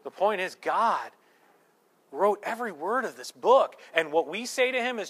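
Bright-voiced male pastor preaching. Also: sits high, animated, normal speed, slightly rough. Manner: earnest, teaching through scripture point by point. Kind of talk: sermon.

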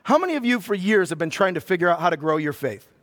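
A man with a high-pitched voice delivers a teaching sermon to his congregation. He reads scripture at a slow, deliberate pace, then talks quickly through what it means. His voice carries a long reverb from the hall. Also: sing-song, a bit bright. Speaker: pastor. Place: church hall, in front of a congregation.

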